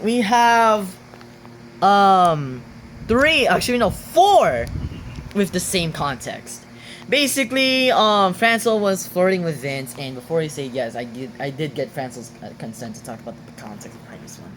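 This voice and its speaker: A woman's voice: lowish voice, lively intonation, a little slow, slight background noise. A woman voicing a chatty sixth-grade student who reads out class quotes in a casual, slangy way full of fillers. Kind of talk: casual amateur voice acting.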